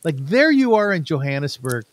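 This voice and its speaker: A man's voice: a little high, very animated, moderate pace. A Canadian man hosting an interview, chatty and enthusiastic. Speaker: podcast host. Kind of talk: casual interview.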